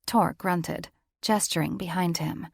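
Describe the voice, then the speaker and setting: A woman narrating a romance audiobook in a measured storytelling manner. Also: on the low side, fairly even intonation, creaky, breathy edge, dry recording, studio quality. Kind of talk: scripted narration.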